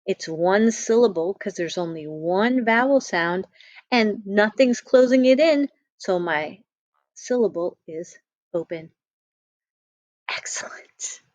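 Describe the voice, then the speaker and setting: Slow, patient woman teaching phonics. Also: medium pitch, expressive, a little mellow, dry recording, dull audio. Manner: patient, sounds out letters slowly. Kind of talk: phonics lesson.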